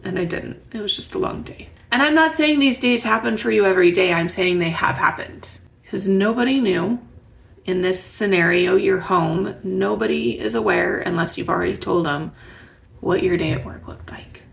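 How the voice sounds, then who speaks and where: A woman's voice: mid-range voice, normal speed, gravelly. A woman talking straight to her viewers about parenting, conversational and reflective, often asking them questions. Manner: warm, conversational, asks the listener reflective questions. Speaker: parenting educator. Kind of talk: direct-to-camera advice talk.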